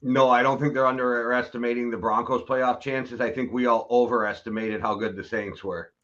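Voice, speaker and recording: A man's voice: mid-range voice, fairly even intonation, a little fast, fairly bright tone, lo-fi sound. A man from the United States co-hosting a casual sports podcast, dry and wisecracking. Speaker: podcast co-host.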